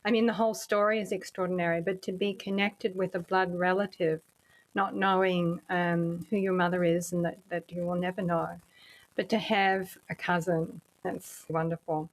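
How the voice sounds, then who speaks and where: A woman's voice: lowish voice, level tone, normal speed. A woman hosting an interview podcast, encouraging and affirming toward her guest. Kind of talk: interview conversation.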